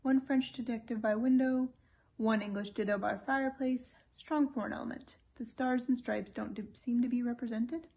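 A woman reading aloud as an eager young Englishman, flustered and full of hurried questions. Her voice stays fairly high rather than dropping for the man. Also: fairly even intonation, warm tone, natural voice.

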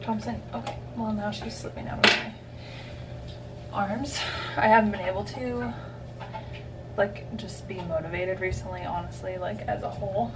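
A woman's voice: medium pitch, fairly even intonation, moderate pace, pauses often, recorded from a distance, heavy background noise. A young woman chatting casually to the camera at home in a vlog, rambling with lots of fillers. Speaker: vlogger.

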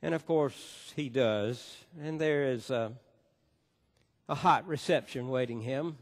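A man's voice: mid-range voice, slow pace. A male pastor preaching a sermon in a church, telling a story with emphatic delivery. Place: church sanctuary. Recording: long church reverb.

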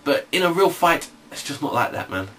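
A man's voice: fairly high pitch, sing-song, fairly quick, sharp tone. A young man chatting casually as co-host, slangy, tagging his sentences with "right, yeah?". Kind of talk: casual chat. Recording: distant from the mic, faint background hiss.

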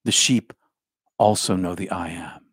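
Slow, soft-spoken man giving a spiritual talk. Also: sits low, breathy edge, no room sound, clean studio sound. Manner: slow, repetitive incantatory phrasing, often dropping to a hush. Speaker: spiritual teacher.

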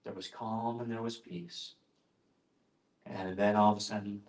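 A man's voice: fairly low pitch, steady tone, measured pace, vocal fry, a little mellow. A male pastor giving an informal, conversational talk, often interrupting himself with asides and jokes. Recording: roomy echoing room.

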